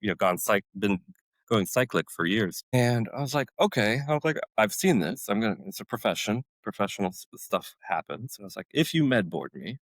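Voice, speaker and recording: A man's voice: lowish voice, animated, fairly quick, dry recording, poor audio. A man in his forties, a former special forces medic, telling his story as a podcast guest and acting out his own past outbursts. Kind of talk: storytelling interview.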